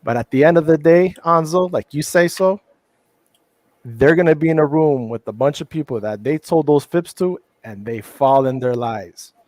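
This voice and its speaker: A man's voice: a little high, normal speed, a little mellow, dry recording. A middle-aged man speaking in a casual panel discussion, heated and profane, often restarting his sentences.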